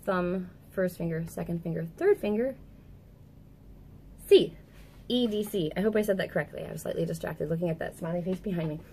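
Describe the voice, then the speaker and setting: A young woman, a music teacher, giving a casual clarinet tutorial indoors at a table, chatty and quick to correct herself. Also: fairly low pitch, animated, dark tone, slightly rough.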